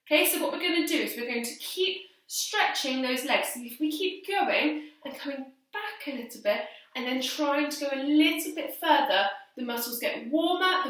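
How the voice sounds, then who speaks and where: Counting aloud and slightly breathless as she exercises alongside them, a young woman PE teacher from a primary school walks children through a home workout with encouraging step-by-step instructions. Her voice is high with a fairly bright tone. The mic sits far away in a very echoey hall.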